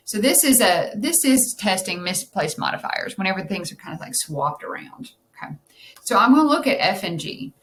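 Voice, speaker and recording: A woman's voice: mid-range voice, big pitch swings, moderate pace, a bit bright, a little hiss or hum. A woman tutoring test prep, thinking aloud as she explains answers and checking in with "okay?".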